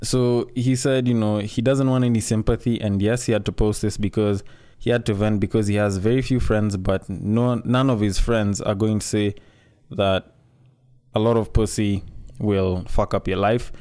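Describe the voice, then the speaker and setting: A man's voice: lowish voice, steady tone, moderate pace, warm tone, clean tone. A man giving casual, frank commentary, talking conversationally and swearing freely.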